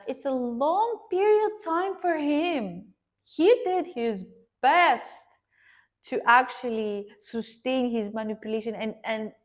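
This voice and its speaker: A woman earnestly recounting a personal story to her viewers, addressing them directly and pausing to restart her sentences. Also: a little high. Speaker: vlogger sharing a personal story.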